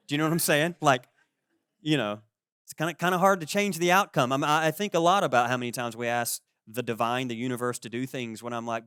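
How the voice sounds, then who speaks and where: A man in his forties preaching a sermon as pastor, conversational and lively, acting out the people he quotes. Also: medium pitch, fairly quick, clean tone, no echo, clean studio sound. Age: 40s. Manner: conversational, animated, acts out quoted voices.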